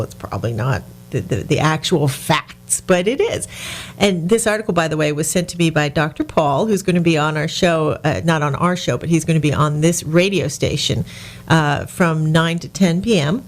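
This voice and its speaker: Sarcastic woman radio host, low voice. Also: animated, normal speed. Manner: indignant, sarcastic, with many restarts. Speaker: radio talk show host. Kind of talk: opinionated radio talk.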